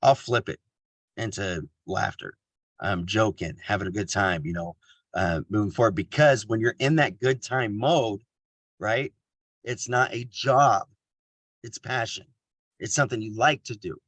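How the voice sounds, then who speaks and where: A man's voice: on the low side, unhurried, a bit bright, no room sound. A man from Kansas giving a casual motivational talk on a video call, joking at his own expense and laughing often.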